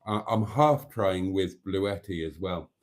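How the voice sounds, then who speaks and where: A man's voice: low-pitched, slow. A man hosting a live stream, chatting casually and laughing with delight while reacting to viewer messages.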